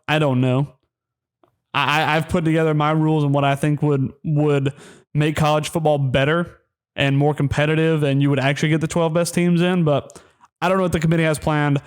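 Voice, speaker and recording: A man hosting a college football podcast, ranting heatedly and mockingly, then winding down into a rambling sign-off with many ums. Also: clear, resonant tone. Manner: heated, ranting, mocking, pitch jumps when worked up. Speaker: sports podcast host. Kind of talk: solo sports rant.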